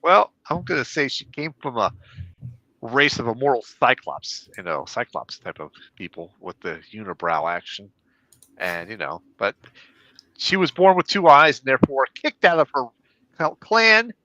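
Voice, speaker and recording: A man co-hosting a comic book podcast, trading jokes and quick banter. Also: mid-range voice, sing-song, pushed and bright, no room sound, muffled recording. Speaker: podcast co-host.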